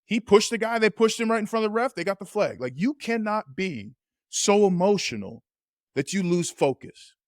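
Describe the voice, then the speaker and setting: Male podcast co-host and former player, slightly high-pitched, animated storyteller, dry close-miked sound. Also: moderate pace, no room sound. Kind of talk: casual chat.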